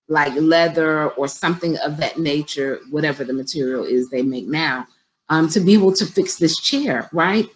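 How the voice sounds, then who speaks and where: A woman's voice: deep voice, unhurried, low-quality recording. A middle-aged woman business coach talking conversationally and directly to her viewers on a live stream, with features.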